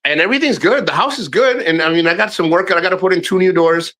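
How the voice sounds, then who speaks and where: A man's voice: high voice, fast talker, bright, forceful tone. A middle-aged man talking casually to his livestream viewers. He rambles frankly, restarts often and swears freely. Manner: addresses viewers directly. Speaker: live streamer.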